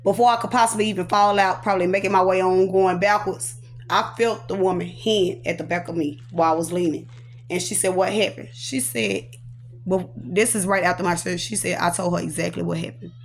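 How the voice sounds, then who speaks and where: A woman's voice: fairly low pitch, fairly even intonation, brisk, a little hiss or hum. A woman, a prophetess, telling her personal testimony with earnest emotion, recounting it through quoted dialogue.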